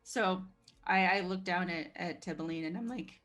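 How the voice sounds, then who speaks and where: A woman playing a tabletop game, animated, describing and acting out her character's actions. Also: on the low side, normal speed, faint music behind. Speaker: player.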